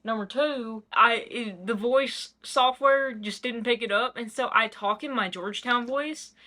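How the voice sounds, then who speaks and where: A woman's voice: on the high side, measured pace, pushed and bright. Young woman, Tennessee Southern accent, casual rambling home vlogger, self-deprecating. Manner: chatty, self-mocking, rambling asides. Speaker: book vlogger. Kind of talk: casual vlog chat. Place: home kitchen.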